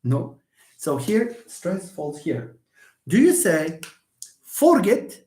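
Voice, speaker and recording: An English teacher gives a live online lesson, stressing and repeating words for emphasis. His slightly high, mellow voice is sing-song and slow, ranging widely in pitch, and the room adds echo.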